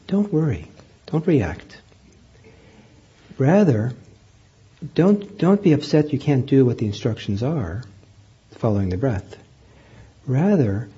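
A man teaching meditation, guiding a group in a gentle, unhurried way with frequent pauses and fillers. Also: medium pitch, slightly rough, lo-fi sound. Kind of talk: guided meditation instruction.

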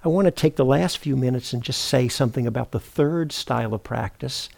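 A middle-aged man giving a meditation teaching at a retreat center, speaking in an unhurried, thoughtful way, often pausing to correct himself. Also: medium pitch, creaky, a little mellow. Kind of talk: dharma talk.

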